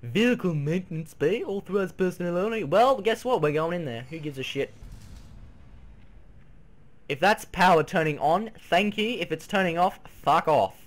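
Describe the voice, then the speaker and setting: A man's voice: high voice, normal speed. A man giving loose let's play commentary over a horror game, swearing, yelping at scares and humming along while he plays. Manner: excitable, swearing, yelps and shouts at scares; sings and hums to himself while playing. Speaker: gaming video creator.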